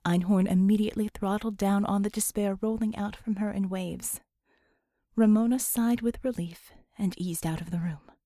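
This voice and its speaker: A woman reading an audiobook, with expressive, measured storytelling narration. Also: mid-range voice, no room sound, studio quality. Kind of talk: scripted narration.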